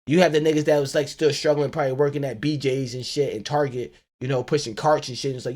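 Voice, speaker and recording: A man hosting a solo podcast, ranting in an animated, profane way and laughing often. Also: fairly high pitch, normal speed. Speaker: podcast host.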